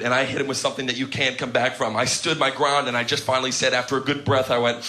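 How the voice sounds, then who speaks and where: A man's voice: medium pitch, fast talker, hardly any pauses, noisy background. A man doing a stand-up comedy routine, telling a story with mock outrage and acting out the other people's lines. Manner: animated, mock-outraged storytelling with acted-out quotes.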